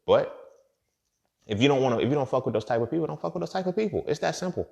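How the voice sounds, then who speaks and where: A man hosting a podcast and speaking a casual monologue, blunt and profane, repeating his points. He swings from loud emphatic outbursts to quiet muttered asides. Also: medium pitch, animated, fast talker, creaky. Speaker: podcast host.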